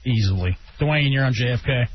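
A man's voice: mid-range voice, a little fast, a little hiss or hum. A man hosting a radio call-in show, joking and teasing his callers and co-host. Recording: dull lo-fi radio broadcast.

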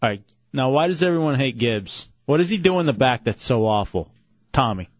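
A man's voice: medium pitch, expressive, brisk, no room sound. A man hosting a radio show, teasing callers and his crew in casual banter. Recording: dull dry radio broadcast sound.

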